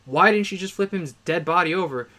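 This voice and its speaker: Guy on a podcast going over a movie plot, bright forceful voice, laughs a lot. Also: sits high, brisk. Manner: laughing, animated retelling with acted quotes. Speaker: podcast co-host. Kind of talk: casual movie recap chat.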